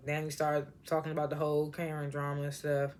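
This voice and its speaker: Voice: mid-range voice, monotone, darkish tone, a little hiss or hum. A reviewer giving a casual, blunt episode recap, laughing often and acting out the characters' lines. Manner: acts out characters' lines with quick voice changes.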